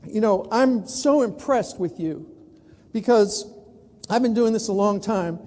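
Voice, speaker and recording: Animated storyteller man in an echoey hall. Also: high-pitched, a little slow. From New York City. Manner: animated, acts out other people's voices. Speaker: keynote speaker, newspaper columnist. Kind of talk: storytelling conference talk. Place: large conference hall. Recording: echoey hall with long reverb.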